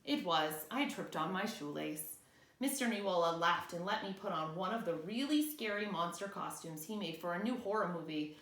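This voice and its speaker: A woman's voice: fairly low pitch, fairly bright tone. A woman teacher reading a picture book aloud to children in a playful way, checking in with her listeners. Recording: roomy echo.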